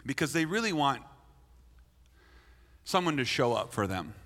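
Blunt playful preacher in a big hall. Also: male voice, mid-range voice, big pitch swings, a little slow, fairly bright tone. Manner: blunt, playful, acts out quotes. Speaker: pastor. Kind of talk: sermon. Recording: long hall reverb.

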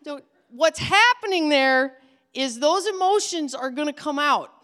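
A woman's voice: high-pitched, expressive, measured pace, fairly bright tone. A woman giving an earnest, emphatic teaching talk to children's pastors in a conversational way. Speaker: ministry trainer for children's pastors.

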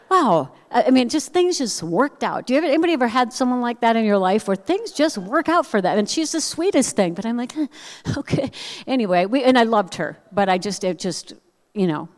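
A woman speaker giving a personal storytelling message with animated, self-deprecating humor, acting out the voices of people in her story. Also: on the high side. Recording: long reverb of a large hall.

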